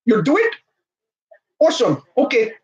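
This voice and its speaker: A man's voice: very high voice, wildly swooping pitch, normal speed, echoey room, dull audio, pitched above the performer's own voice, full character voice. A young man putting on the voice of a smug, scheming male basketball executive, teasing and mocking.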